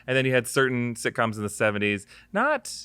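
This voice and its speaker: A man co-hosting a casual pop-culture chat, jokey and quick to riff. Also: mid-range voice, big pitch swings, sharp tone, clear, resonant tone, no room sound. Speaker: co-host.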